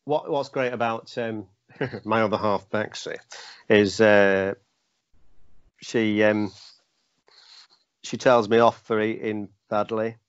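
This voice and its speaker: A man's voice: on the low side, steady tone, takes it slowly, pauses often, smooth, no echo. A man who works as a comedian, chatting casually in a rambling, self-mocking, jokey way. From United Kingdom. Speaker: comedian guest. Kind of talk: casual podcast chat. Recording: dull lo-fi call audio.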